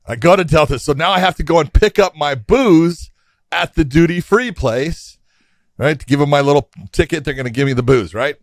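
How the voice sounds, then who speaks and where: A man's voice: on the high side, moderate pace, dry recording. Laughing man telling travel stories. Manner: animated anecdotes, laughs often, acts out quoted exchanges. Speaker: podcast co-host. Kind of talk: casual storytelling chat.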